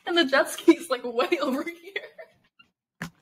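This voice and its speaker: A woman's voice: sits high, slow pace, a bit bright, a little hiss or hum, rough recording. Chatty young woman podcast co-host. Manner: chatty storyteller, laughing and swearing. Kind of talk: casual chat.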